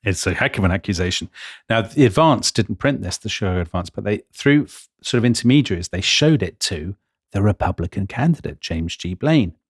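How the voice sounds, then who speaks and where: A man co-hosting a history podcast in a lowish voice. He tells the story with lively, emphatic swings of pitch on key points. The sound is dry and close. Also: brisk, husky, no room sound. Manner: animated, emphatic, jumps in pitch for stress. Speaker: podcast co-host.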